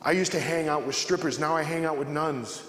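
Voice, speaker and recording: A man's voice: on the high side, brisk, background noise. A man giving a fervent, emphatic spoken testimony to a church audience, repeating his own prayers aloud. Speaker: Catholic speaker giving a witness talk. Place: large church. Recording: echoey church hall, long reverb.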